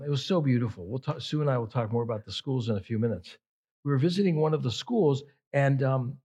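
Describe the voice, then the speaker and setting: A pastor preaching a sermon with emphatic delivery, repeating phrases for effect. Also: male voice, mid-range voice, darkish tone, lo-fi sound.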